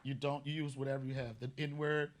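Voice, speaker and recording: A man hosting a comedy podcast, telling stories in a casual, profane way and bursting into loud shouted bits. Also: mid-range voice, level tone, a little fast, slight background noise.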